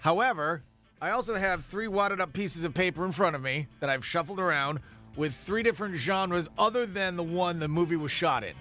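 A male radio host talking in a studio with a bright, forward tone, a little on the higher side. He keeps things moving with upbeat game-show banter, with faint music beneath. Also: fairly quick. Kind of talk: casual on-air banter.

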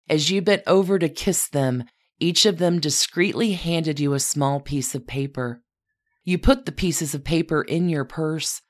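A woman podcast host narrating from a script, speaking straight to her subject as "you". Her storytelling is measured and even. Her voice is strikingly low for a woman.

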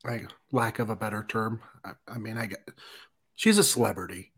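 A man's voice: on the low side, normal speed, breathy edge. Easygoing male podcast guest. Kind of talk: casual chat.

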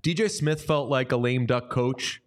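A man's voice: mid-range voice, moderate pace. A young man co-hosting a hockey podcast, chatting casually in an upbeat way. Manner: upbeat, hypes the show. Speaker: podcast co-host. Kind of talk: casual sports chat.

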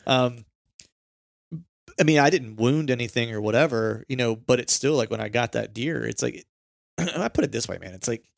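A man's voice: mid-range voice, moderate pace, vocal fry, dry recording, studio quality. A man in casual conversation, talking in a laid-back, rambling way and laughing often. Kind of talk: casual chat.

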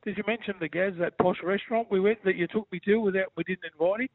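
A man's voice: high voice, steady tone, fast, no room sound. An Australian man calling in, joking boisterously and saying "mate" constantly. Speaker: guest caller. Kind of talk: casual banter on a call-in. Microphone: phone. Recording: tinny phone line.

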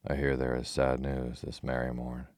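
A man's voice: a bass voice, monotone, darkish tone, no echo, studio quality. A man voicing a bold, cheerful outlaw who jests in old-fashioned speech, in an audiobook reading. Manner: archaic speech, measured, teasing.

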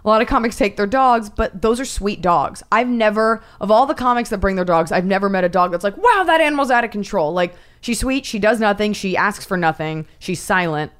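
A woman comedian chatting as a podcast guest, telling stories with animated, acted-out quotes. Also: medium pitch, a little fast, hardly any pauses. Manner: animated storytelling, acts out quotes. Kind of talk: casual podcast chat.

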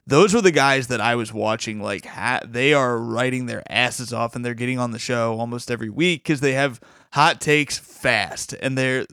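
A man's voice: mid-range voice, moderate pace, pushed and bright, clean tone, dry recording, studio quality. A man co-hosting a podcast, talking casually and enthusiastically, rambling with frequent restarts. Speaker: podcast co-host.

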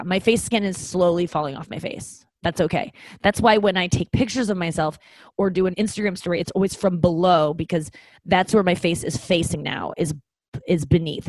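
A woman's voice: fairly low pitch, a little mellow, no echo. A woman in her thirties, a comedian hosting her own show, talking candidly and self-deprecatingly with swearing and frequent ums. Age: 30s. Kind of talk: casual comedic monologue.

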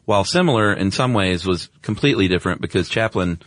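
A man co-hosting a podcast, talking in a relaxed, conversational way with plenty of fillers. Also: low voice, fast, no room sound, studio quality. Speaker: podcast co-host. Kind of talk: casual chat.

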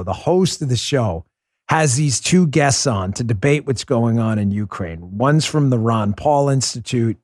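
A man hosting a political talk show, animated and joking, acting out quotes in a loud high voice. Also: dry recording, studio quality. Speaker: podcast host.

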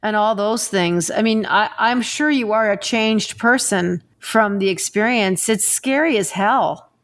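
A woman co-hosting a podcast, chatting casually and bluntly, swearing freely and quick to laugh along. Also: mid-range voice. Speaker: podcast co-host.

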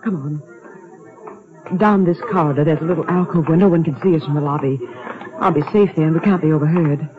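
An actress playing a cynical, wisecracking gangster's moll in a 1950s radio drama. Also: female voice, low-pitched, fairly quick, a crowd in the background, natural voice. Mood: feigned fear. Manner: sarcastic quips. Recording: lo-fi old radio broadcast.

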